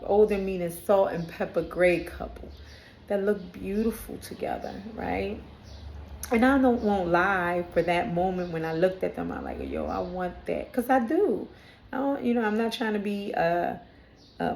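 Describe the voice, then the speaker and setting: A woman's voice: on the low side, darkish tone. Candid Brooklyn woman talking in an echoey room. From Brooklyn, New York. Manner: candid and chatty, with frequent "right?" and laughter. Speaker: spiritual vlogger. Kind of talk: casual spoken reflection.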